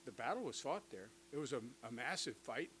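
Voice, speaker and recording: An older man giving a conversational history lecture to teachers, with lively asides and touches of humor. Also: medium pitch, brisk, slight background noise, rough recording. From United States.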